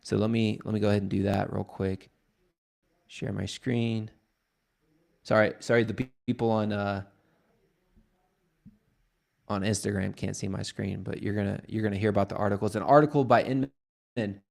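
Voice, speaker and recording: A man's voice: fairly low pitch, fairly even intonation, normal speed, creaky, pauses often, darkish tone. A man leading a real estate team, talking casually on a livestream and retelling stories with joking asides and quoted dialogue.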